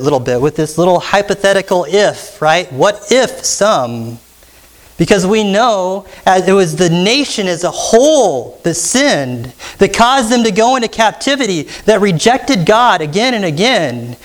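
Male pastor, high voice, emphatic teaching sermon, quizzes the congregation. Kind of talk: expository sermon.

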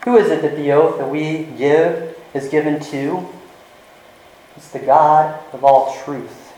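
A male pastor preaching a sermon in an earnest way, slowing down and dropping to a soft voice to stress his points. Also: on the high side, fairly even intonation. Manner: earnest, varies volume, slows for emphasis. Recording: echoey room.

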